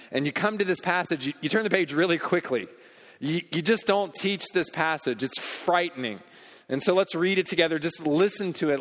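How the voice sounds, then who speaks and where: A man's voice: fairly high pitch, fairly bright tone. A man preaching a sermon as pastor, earnest and emphatic, often repeating words as he goes. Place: church hall. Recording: long reverb in a large hall.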